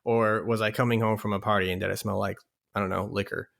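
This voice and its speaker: A man's voice: on the low side, level tone, quick pace, creaky, a bit bright. A man co-hosting a podcast in casual chat, with dry, joking asides. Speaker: podcast co-host.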